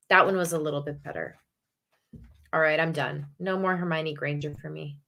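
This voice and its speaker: A woman's voice: lowish voice, a little fast, fairly bright tone. A woman hosting a casual movie watch-party stream, chatty and self-deprecating. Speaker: livestream host.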